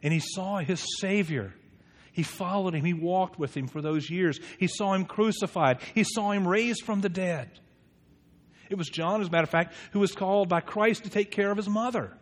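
A man delivers an earnest sermon as a pastor, his voice a bit high for a man. He asks his listeners questions and moves between hushed prayer and lively explanation. The sound carries a long reverb from a church hall. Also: moderate pace.

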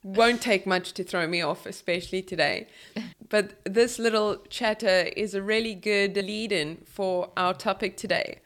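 A woman's voice: medium pitch, a little slow, few pauses, fairly bright tone, no room sound. A woman co-hosting a podcast, chatting casually with playful, giggly banter. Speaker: podcast co-host.

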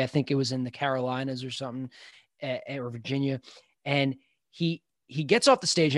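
A man's voice: a little high, no room sound, clean studio sound. A man from Long Island, a physical therapist guest on a podcast, telling stories in a rambling, enthusiastic way with many restarts. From Long Island, New York. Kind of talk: casual podcast conversation.

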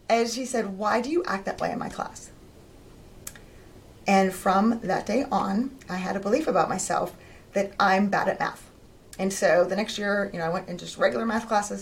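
Animated homeschooling mom telling stories. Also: female voice. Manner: animated, acts out quoted voices with big pitch jumps. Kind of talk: casual personal storytelling talk.

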